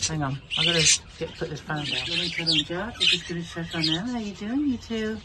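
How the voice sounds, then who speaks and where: A woman's voice: on the low side, fairly quick, hardly any pauses, very noisy. A woman running a budgie vlog, narrating casually and cooing baby-talk to her birds. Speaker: budgie keeper vlogger. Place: bird aviary on a farm. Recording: loud bird chirping behind. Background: budgies chirping and squawking.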